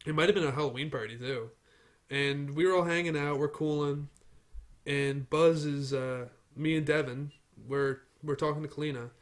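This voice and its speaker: Young guy hosting a chill podcast, rambly storyteller, voice sits a bit high. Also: steady tone, normal speed. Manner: rambling storyteller, teasing friends. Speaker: podcast host. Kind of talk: casual chat.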